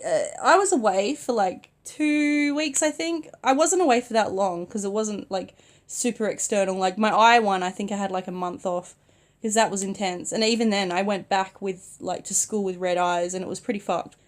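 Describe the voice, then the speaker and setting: A young woman who is sick, telling a casual storytime vlog from bed in a soft-spoken, chatty way with many "like" fillers. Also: mid-range voice, normal speed. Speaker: vlogger. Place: in bed at home.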